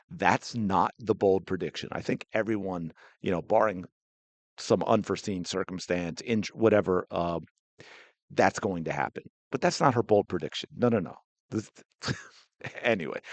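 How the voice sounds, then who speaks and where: A man's voice: sits low, gravelly, dry recording. A man hosting a sports podcast in a chatty, casual way, breaking off into playful asides. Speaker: podcast host.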